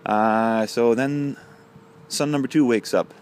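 A man's voice: mid-range voice, slow pace, darkish tone. A man casually telling a long joke on his channel, rambling with many fillers. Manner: rambling, filler-heavy delivery.

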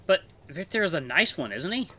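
A man's voice: on the high side, big pitch swings, a little fast, bright, forceful tone, voice pushed up, full character voice. A man voicing a jovial, sly older male wolf merchant who teases and laughs heartily. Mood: teasing.

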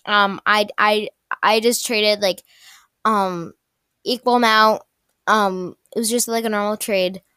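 A young woman giving casual gameplay commentary, excitable and gushing, often repeating herself and restarting. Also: mid-range voice, slow, clear, resonant tone, no echo, studio quality. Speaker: gaming YouTuber.

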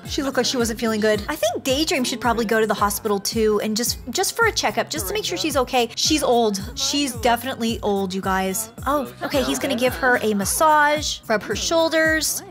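Excitable high-voiced woman commentating a game. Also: fairly quick. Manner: excitable, gasping, fretful reactions. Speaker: let's play host. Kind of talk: gameplay commentary. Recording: game music behind voice. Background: game music.

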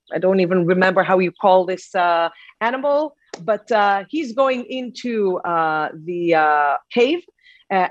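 A woman's voice: medium pitch, dry recording. Woman presenter, earnest, lots of ums, dry close mic. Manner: earnest, with frequent fillers and restarts. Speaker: conference speaker on inclusive employment. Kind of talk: presentation talk.

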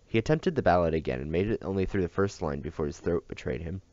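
A man reading a novel aloud at a steady pace, with small slips and restarts, on a dull, dry recording. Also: low voice, fast talker, no room sound. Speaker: audiobook reader.

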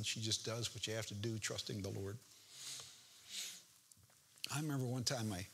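An older male pastor delivers a folksy sermon, moving between reading scripture verses and making joking, homespun asides. His voice is bright and forward, with a husky, slightly rough edge. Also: on the low side.

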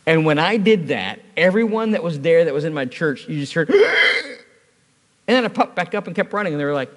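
A man's voice: a little high, lively intonation, a little fast, long reverb tail. A man preaching a sermon at a church service, telling a personal story in a conversational way with touches of humor.

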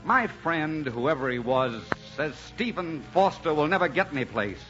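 In a 1940s radio play, a man plays an earnest young composer who stumbles over his words and then rises into heartfelt speeches. His voice is of middling pitch but swings widely. The recording is dull and muffled, with faint music underneath. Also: lively intonation, close to an everyday voice. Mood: determined. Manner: halting and shy when proposing, then swelling with passion. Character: earnest young male composer, romantic newlywed.

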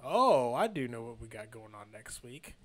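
A man's voice: medium pitch, sing-song, normal speed, fairly bright tone. A man in his thirties co-hosting a casual podcast, easygoing and teasing, laughing often. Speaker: podcast co-host. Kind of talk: casual chat.

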